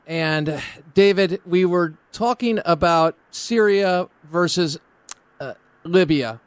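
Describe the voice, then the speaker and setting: Male radio host, brisk questioning, smooth voice, slightly high. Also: no room sound. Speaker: radio talk show host. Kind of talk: radio interview. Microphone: studio microphone.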